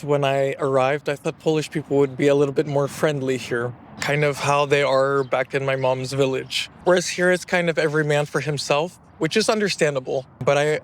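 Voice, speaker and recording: A man's voice: medium pitch, a little hiss or hum. An American-born man telling personal stories in a reflective, conversational way. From United States. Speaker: interviewee. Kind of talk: casual personal storytelling.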